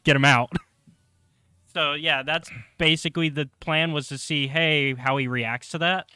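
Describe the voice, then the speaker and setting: A man's voice: fairly high pitch, steady tone, unhurried, pushed and bright, clear, resonant tone, no room sound, studio quality. A young man co-hosting a casual podcast chat in an easygoing, agreeable way. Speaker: podcast co-host.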